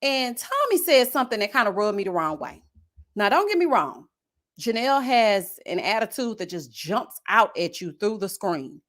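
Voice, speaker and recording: A young woman with a medium-pitched voice talks at a normal speed while hosting a casual live recap of a reality show. She runs a reality-show review channel and comes across sassy and animated, throwing shade and tossing in slang asides.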